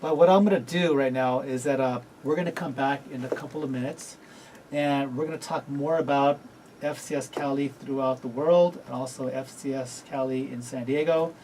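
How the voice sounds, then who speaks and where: A man's voice: mid-range voice, fairly even intonation, normal speed, darkish tone, distant mic, slight background noise, rough recording. A man hosting a radio talk show, chatting casually with guests and often stopping to rephrase himself. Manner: rambling, self-correcting, laughs readily.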